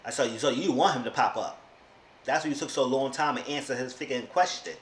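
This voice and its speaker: A brisk, medium-pitched man reviews reality TV in a casual recap, sounding sassy and exasperated as he mimics the cast members. The room is echoey, with a faint hiss in the background.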